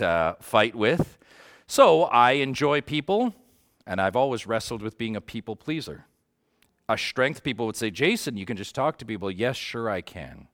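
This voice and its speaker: Guy teaching bible study, kinda low voice, earnest, keeps asking "right?". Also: a bit bright. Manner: earnest and passionate, often checks in with "right?". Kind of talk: conversational Bible teaching to a group.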